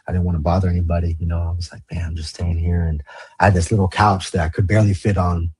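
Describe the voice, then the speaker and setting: Appearing as a podcast guest, a man with a low, darkish, breathy-edged voice tells his life story quickly and flatly, candid, blunt, and profane, acting out past conversations in quoted lines.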